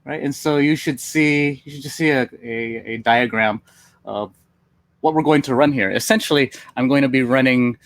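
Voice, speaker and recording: A man's voice: mid-range voice, normal speed, no echo. A man who is a tech marketing engineer, presenting on a webinar in a casual, upbeat way with some fillers.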